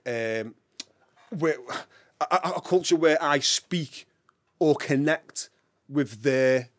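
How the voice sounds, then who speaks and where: A man from England with a Liverpool accent, a podcast guest telling his story in a lively, animated way and laughing often. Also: a little high, slow pace, no room sound. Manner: animated, laughs often, acts out voices in anecdotes. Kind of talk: casual storytelling interview.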